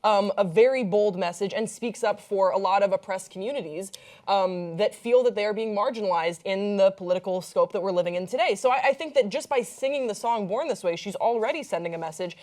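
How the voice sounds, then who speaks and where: A woman's voice: mid-range voice, a little fast, darkish tone. A woman co-hosting a pop culture talk show, casual and earnest as she argues her point, with a playful streak. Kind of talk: casual chat.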